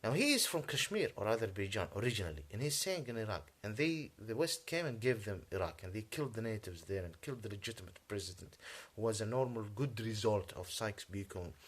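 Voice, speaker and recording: A native Arabic-speaking man delivering a rambling, agitated monologue in English, halting often and clearing his throat. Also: lowish voice, lively intonation, a bit bright. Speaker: vlogger.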